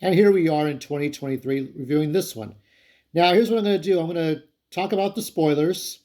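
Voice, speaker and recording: Male film reviewer, casual and rambling, excitable, slightly higher-pitched voice. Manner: rambling, with frequent restarts and fillers. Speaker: movie reviewer.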